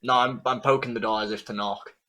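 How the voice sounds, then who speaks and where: Man, gamer, excitable, stammers, swears, bright tone. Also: medium pitch, fast. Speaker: player. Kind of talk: tabletop game chat.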